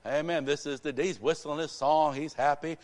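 A male pastor delivering a live church sermon with emphatic repetition, swinging from hushed lines to rousing ones. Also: on the high side, fairly even intonation, fairly quick. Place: church sanctuary.

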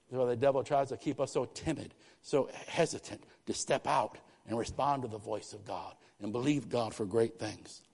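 Male pastor, mid-pitched voice, emphatic sermon delivery, repeats key lines for effect. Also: moderate pace, creaky, hardly any pauses, husky. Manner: emphatic preaching with repeated phrases and swings in loudness.

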